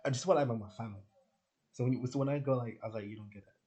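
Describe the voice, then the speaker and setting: A man's voice: mid-range voice, very fast, dark tone, rough recording. A man from Jamaica ranting in a casual monologue, rambling with lots of restarts and swearing. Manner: rambling, profane, frequent "like" and restarts. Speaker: spiritual content creator.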